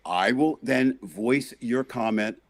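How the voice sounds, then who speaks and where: A man hosting a comedic political chat show, loudly mocking and exasperated as he rants. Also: medium pitch, slow pace, no echo. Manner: loud, mocking, exasperated ranting. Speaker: podcast host.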